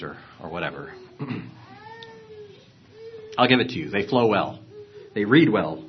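A man teaching a lesson on Bible translations, explaining earnestly, clearing his throat and restarting phrases. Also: deep voice, lively intonation, a little slow, pauses often, lo-fi sound.

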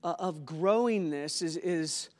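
A man with a notably high voice delivers a sermon at a church conference, swinging between loud, animated exclamations and quiet, reflective asides. His voice rings out through a large church auditorium, trailing a long reverb tail. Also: slow pace. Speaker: conference speaker.

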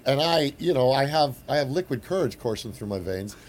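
Animated male actor telling stories. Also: medium pitch, normal speed. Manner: animated storyteller, frequent restarts. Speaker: actor and guest. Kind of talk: casual chat, anecdote.

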